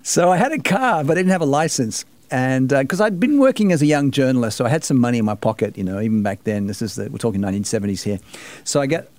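A man's voice: mid-range voice, big pitch swings, fast, darkish tone, dry recording. An Australian man in his sixties, a radio host telling a funny story in casual chat, laughing now and then. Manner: laughs while telling stories.

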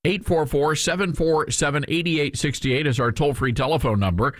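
A man's voice: fairly high pitch, normal speed, hardly any pauses, a bit bright, dry recording. A male talk radio host with a Southern US accent, telling a rambling story full of fillers and restarts into a studio microphone.

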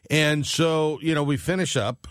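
A man's voice: on the high side, lively intonation, takes it slowly, no echo, studio quality. A man co-hosting a radio show, telling a long, rambling everyday story at an easy pace with lots of fillers. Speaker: radio co-host. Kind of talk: casual chat.

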